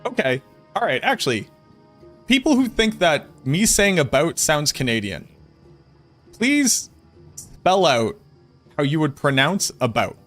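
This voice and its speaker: A man's voice: a little high, measured pace, long pauses, faint music behind. A man with a Boston accent streaming a game, chatting casually and emphatically while reading chat aloud. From Boston area, US. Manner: emphatic, animated, jokingly indignant.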